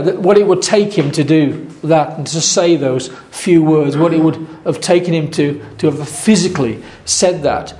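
A man's voice: fairly high pitch, a little slow, hardly any pauses, dark tone, slight background noise. A man preaching a sermon earnestly, repeating his phrases and restarting often.

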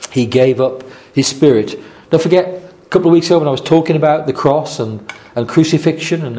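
Earnest male preacher, mellow voice. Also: medium pitch. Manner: earnest, repeating phrases, many restarts. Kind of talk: sermon.

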